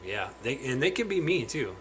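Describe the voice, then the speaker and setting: A man's voice: medium pitch, very animated, normal speed, fairly bright tone, a little hiss or hum, poor audio. Chatty man hosting a fish-room stream. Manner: chatty, greets viewers by name, stumbles over words. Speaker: live stream host. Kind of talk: casual live stream chat. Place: home fish room with aquariums.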